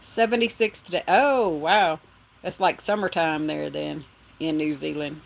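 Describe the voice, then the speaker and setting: A middle-aged woman hosts a casual livestream from her phone, talking in a slightly low voice. She chats easily, reads out comments from viewers and laughs often between remarks. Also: fairly even intonation, unhurried, vocal fry, a little hiss or hum. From Texas. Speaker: livestream host.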